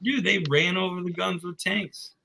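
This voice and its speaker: Guy cracking crude jokes, real bright sharp voice, rambling. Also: high-pitched, fairly even intonation, normal speed, gravelly, low-quality recording. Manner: crude joking, profane, rambling. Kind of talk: casual chat.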